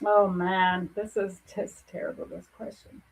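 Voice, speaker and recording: A woman's voice: medium pitch, flat delivery, measured pace, vocal fry, breathy edge, poor audio. A middle-aged woman, a psychic medium, giving earnest and reassuring spiritual readings to viewers in a soothing way.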